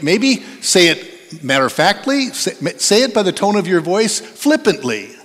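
A man's voice: high-pitched, fairly bright tone. A middle-aged man preaching a sermon in a church, conversational and playful as he coaxes the congregation to join in. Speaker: pastor. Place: church sanctuary. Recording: long hall reverb.

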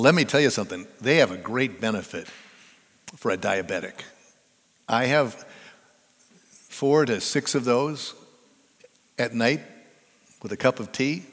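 An older man delivers a chatty, storytelling sermon and keeps drawing the congregation into it. His pitch rises and falls in a lively way. His voice rings with the long reverb of a large hall. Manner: conversational, chatty storytelling that draws the audience in. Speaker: pastor.

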